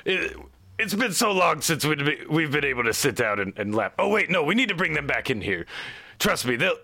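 A man's voice: a little high, very animated, fairly quick, gravelly, bright, forceful tone, dry recording, pitched above the performer's own voice, heavily acted. A man voicing a fussy, flustered gnome wizard who keeps pleading and stammering on his helpers' behalf.

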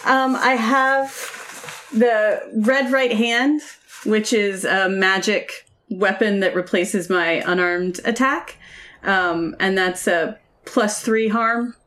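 A woman's voice: mid-range voice, fairly even intonation, slow, a bit bright. Hesitant woman playing a tabletop game. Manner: hesitant, starts with fillers. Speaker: player. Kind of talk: casual tabletop game play.

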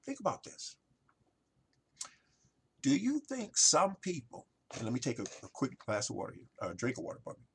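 A man's voice: mid-range voice, wildly swooping pitch, moderate pace, gravelly, long pauses, a bit bright, slight background noise. A man hosting a marketing talk show, speaking emphatically to his listeners and piling up rhetorical questions. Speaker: podcast host. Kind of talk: motivational marketing monologue.

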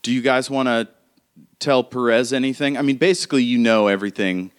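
A man's voice: mid-range voice, fairly quick, smooth. A man narrating as game master in a tabletop game, loose and casual. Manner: loose, casual, laughing often.

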